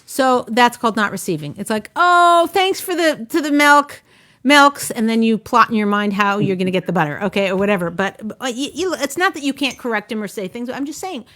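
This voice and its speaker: A woman hosting a talk show, giving casual marriage advice in an animated way, often restarting her sentences. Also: mid-range voice, fast, hardly any pauses. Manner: animated, acts out wives' voices, frequent restarts. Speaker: relationship coach and show host.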